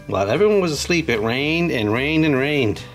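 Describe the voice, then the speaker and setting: A man's voice: mid-range voice, lively intonation, brisk, faint music behind. A man casually unboxing toys and reading a children's storybook aloud, chatting to young viewers as he goes. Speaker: channel host.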